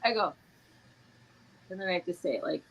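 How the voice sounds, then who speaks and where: A woman's voice: on the low side, a little fast, creaky, breathy edge, rough recording. Chatty middle-aged New York woman. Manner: chatty, laughs often, animated storytelling. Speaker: co-host. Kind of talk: casual chat.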